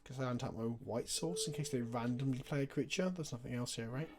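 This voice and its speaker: A man's voice: medium pitch, fairly quick, over music. A young man chatting casually on a live stream, talking through his card game plays and answering viewer questions.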